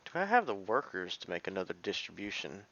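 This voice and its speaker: A man's voice: deep voice, sing-song, fast talker, vocal fry, a bit bright, highs cut off. A man giving casual gameplay commentary as a let's play streamer, thinking aloud and muttering half-finished sentences as he plays.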